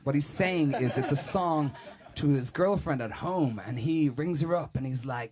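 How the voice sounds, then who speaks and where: A man hosting a live radio studio comedy set, teasing and quick with jokes. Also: a little high, a little mellow. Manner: quick, teasing, self-mocking. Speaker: comedy rapper host. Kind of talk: joking live studio banter.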